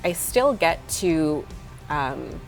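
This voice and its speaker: A woman's voice: deep voice, big pitch swings, very slow, vocal fry, faint music behind, low-quality recording. A young woman speaking candidly and chattily in a casual church discussion, often restarting her phrases.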